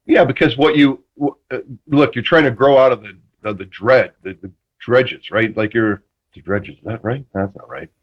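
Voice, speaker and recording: A man, a former football quarterback, telling animated stories as a guest, restarting his sentences and acting out what others said. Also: medium pitch, moderate pace, lo-fi sound. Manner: lively storyteller who restarts sentences and acts out quotes.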